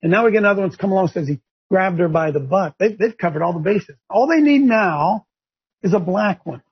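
A man hosting a talk show, ranting in a fiery, preachy way with a gravelly, husky voice. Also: fast talker, dull audio. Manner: fiery and preachy, rising to shouts and high mocking voices. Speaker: show host. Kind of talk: impassioned talk show rant.

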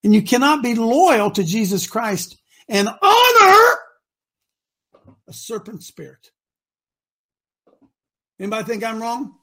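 A man's voice: very high voice, sing-song, takes it slowly, pauses often. Emphatic, preachy male talk show host. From Ohio. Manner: emphatic and preachy, swinging between shouting and mutters.

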